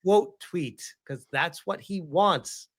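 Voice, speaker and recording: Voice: medium pitch, takes it slowly. A host giving casual, sarcastic commentary on online drama and reading posts aloud in an exasperated tone.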